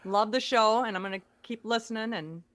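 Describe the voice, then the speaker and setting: A woman, an author and speaker, guesting on a podcast in casual chat, quick-witted and upbeat. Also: a little high, a bit bright, dry recording.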